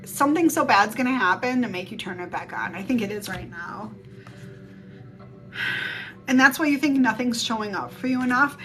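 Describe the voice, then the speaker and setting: A woman's voice: fairly high pitch, animated, normal speed, long pauses. Blunt rambling woman giving a spiritual reading. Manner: rambling and blunt, swears casually. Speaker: psychic reader on a live stream. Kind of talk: casual spiritual reading chat. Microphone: phone mic. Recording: music playing behind the voice. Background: music.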